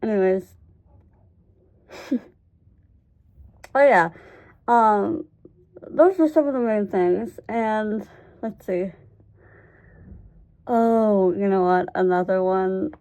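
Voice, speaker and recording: A young woman chats straight to her camera in a loose storytime vlog. She laughs her way through anecdotes, drops a casual curse here and there, and rambles with plenty of fillers. Her voice sits at an ordinary middle pitch. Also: drawn-out words, pauses often. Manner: laughs often while telling stories, relaxed and candid; swears casually, many fillers. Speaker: vlogger.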